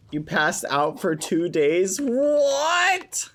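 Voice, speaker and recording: A young man voices his character in a game-server roleplay, full of gasps and joyful exclamations. He talks in slow, drawn-out phrases. He is close on the mic. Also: sits high, animated. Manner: gasping, overjoyed, exclamatory. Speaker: streamer playing a roleplay character.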